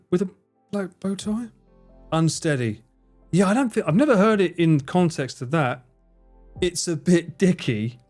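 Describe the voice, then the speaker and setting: A man livestreaming a game, excitable, swearing and laughing often as he chats. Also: high voice. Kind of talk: casual gaming livestream chat.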